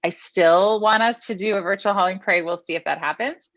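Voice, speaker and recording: A woman's voice: medium pitch, a little fast, a bit bright, dry recording. A woman from the library staff giving a chatty, upbeat report to a meeting over a video call.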